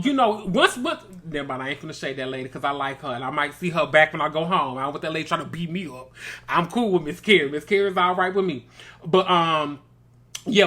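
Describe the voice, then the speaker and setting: A man's voice: high voice, bright, forceful tone. A man from Mississippi, hosting a casual, gossipy reality TV recap and calling listeners baby and girl. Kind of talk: casual review commentary.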